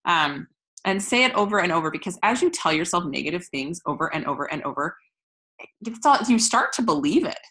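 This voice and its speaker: A woman with a low voice and a bright, forceful tone talks casually to her sales team as their coach. She is chatty, restarts her sentences often and laughs at her own slips, recorded on a phone. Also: big pitch swings, fairly quick, rough recording. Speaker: network marketing team leader. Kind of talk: casual motivational training talk.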